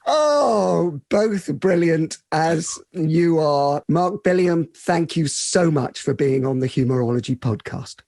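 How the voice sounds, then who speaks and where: A man's voice: fairly high pitch, animated, slow, creaky, hardly any pauses, a little mellow, no room sound. A man hosting a podcast, asking interview questions and reading the credits in an upbeat way. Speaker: podcast host.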